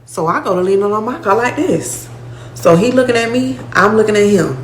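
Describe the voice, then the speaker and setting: A woman's voice: medium pitch, lively intonation, a little fast, echoey room, slight background noise. A woman telling her own life story in casual, blunt street talk, acting out what people said. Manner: blunt, profane street talk with acted-out quotes. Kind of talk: casual first-person storytelling.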